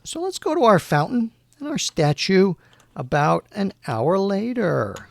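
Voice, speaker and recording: A man narrating a solo tabletop game, thinking aloud with many pauses. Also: high voice, very animated, gravelly, no room sound.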